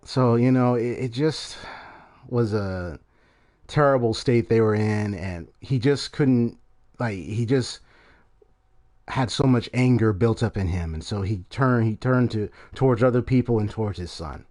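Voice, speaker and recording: A man's voice: lowish voice, unhurried, darkish tone. Rambling male game streamer. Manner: rambling, lots of fillers and restarts. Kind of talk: casual game commentary.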